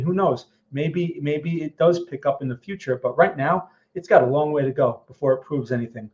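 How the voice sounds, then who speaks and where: A man's voice: fairly high pitch, a little mellow, dull audio. A man hosting a live-stream chart analysis, blunt and emphatic, often asking "okay?". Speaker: trading analyst host.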